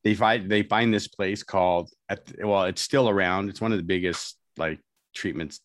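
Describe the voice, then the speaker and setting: A middle-aged man with a lowish voice tells his own story in an interview, candid and self-mocking, and he slips into the voices of the people he met. The sound is dry and close, with no room behind him. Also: fairly even intonation, moderate pace, dry recording. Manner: candid, self-mocking, laughs often, quotes others. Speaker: guest telling his life story. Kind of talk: casual spoken storytelling.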